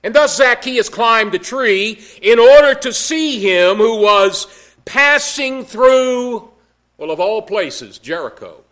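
Male pastor, high-pitched, slow deliberate sermon delivery with emphatic rises. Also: expressive, a bit bright.

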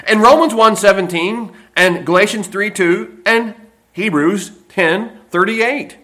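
High-voiced preacher, emphatic. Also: male voice, bright, forceful tone. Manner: emphatic preaching, slows and stresses key phrases; folksy asides and personal stories. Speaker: pastor. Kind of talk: sermon.

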